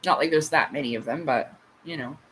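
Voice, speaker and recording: A woman's voice: low voice, fairly quick, fairly bright tone, a little hiss or hum, low-quality recording. A woman in her late thirties hosting a casual livestream chat, a rambling storyteller with frequent asides. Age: late 30s. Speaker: livestream host.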